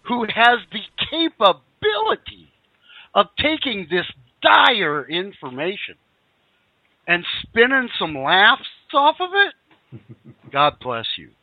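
A man hosts a radio chat in a folksy, affirming manner, talking slowly while his pitch moves a lot. The sound is dull and lo-fi, dry and close. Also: wildly swooping pitch, no room sound.

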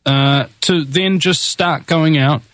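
A man's voice: on the high side, slow pace, a bit bright, no echo. A man from New Zealand hosting a political talk radio show, speaking in an impassioned, rallying way with many restarts and fillers.

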